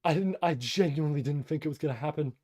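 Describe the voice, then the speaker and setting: A man's voice: fairly high pitch, quick pace. Man gushing and swearing on stream. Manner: overwhelmed, swearing, emotional outbursts; loud bursts of excitement. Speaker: streamer reading a light novel aloud. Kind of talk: live reading and reaction stream.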